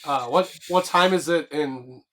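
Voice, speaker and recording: A man's voice: a little high, unhurried, a bit bright. An American man from the East Coast co-hosting a podcast, easygoing and a bit hesitant. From United States. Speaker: podcast co-host. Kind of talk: casual interview chat.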